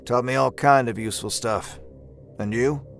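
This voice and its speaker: A man's voice: mid-range voice, steady tone, normal speed, gravelly, soft background music. A man narrating an audio drama in the first person, with a folksy old-timey drawl and a laid-back, wry manner.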